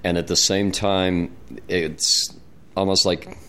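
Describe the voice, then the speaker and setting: A man's voice: sits low, level tone, slow pace, pushed and bright, clear, resonant tone. An older man from Wyoming hosting a casual studio chat, rambling and easygoing. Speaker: radio host.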